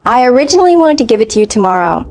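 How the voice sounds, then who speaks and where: A woman voicing a soft-spoken, quietly menacing husband in a read-aloud story. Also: on the high side, very animated, very fast. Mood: coaxing.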